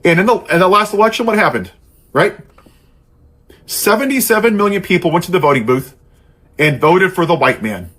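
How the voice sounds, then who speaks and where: A man's voice: high voice, expressive, fairly quick, long pauses, fairly bright tone, breathy edge. A man giving an angry, sarcastic political monologue in an impassioned, ranting way. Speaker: political commentator.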